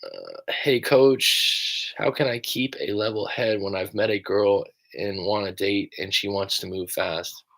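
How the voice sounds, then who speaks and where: With a fairly low, fairly bright voice, this young American talks in a sing-song way, a little slowly. He coaches people through breakups and rambles casually on a livestream, occasionally swearing.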